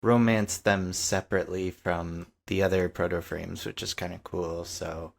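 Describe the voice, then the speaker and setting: A man's voice: low-pitched, little pitch movement, moderate pace, creaky. A man co-hosting a gaming podcast in casual chat, hesitant with many fillers. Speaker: podcast co-host.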